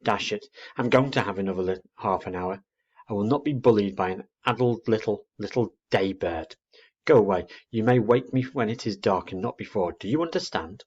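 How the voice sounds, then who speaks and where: A man voicing a grumpy, sleepy father barn owl who talks in a gruff, grumbling way. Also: on the low side, normal speed, darkish tone, dull audio.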